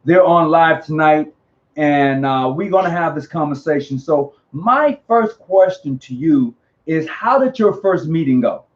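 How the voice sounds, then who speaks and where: A man hosting a casual live online interview, talking in an animated, slangy way and often repeating himself. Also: fairly high pitch, a little slow. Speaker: host. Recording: dull lo-fi audio.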